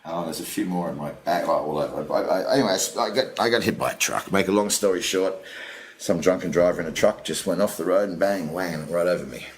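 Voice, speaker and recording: An older man, a comedian, telling animated stories in a casual interview, sometimes dropping to a low mutter. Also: fast, slight background noise. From Australia. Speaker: comedian guest. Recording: echoey room with faint ambience.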